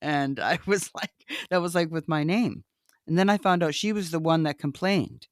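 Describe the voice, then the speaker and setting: A woman hosting a podcast, telling a personal story in a loud, animated, candid way, laughing often and swearing freely. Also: deep voice, moderate pace, no room sound, studio quality. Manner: profane, candid. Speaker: podcast host.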